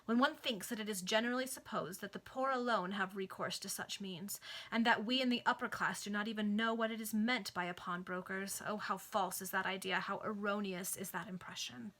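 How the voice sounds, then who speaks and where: A woman's voice: mid-range voice, fairly even intonation, a little fast, sharp tone. Woman reading as a pleading Victorian lady. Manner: pleading and emphatic. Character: distressed aristocratic lady, proud and impatient.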